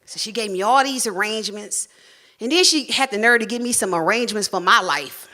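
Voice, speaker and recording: A woman telling a personal story on stage, frank and salty, acting out family members' voices in animated bursts. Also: mid-range voice, fairly quick. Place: stage at a live storytelling show.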